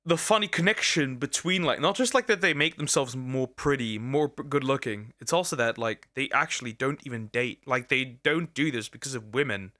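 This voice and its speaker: A man's voice: mid-range voice, moderate pace, few pauses, pushed and bright, no echo, studio quality. A man casually reacting to a video, rambling and joking with internet slang.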